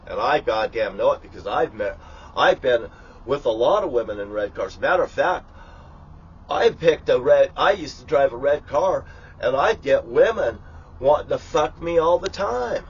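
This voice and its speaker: A man's voice: mid-range voice, lively intonation, normal speed, lo-fi sound, slight background noise. A man talking casually in a rambling, profane, grandiose rant while cooking in his kitchen. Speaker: vlogger. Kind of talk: rambling live vlog monologue.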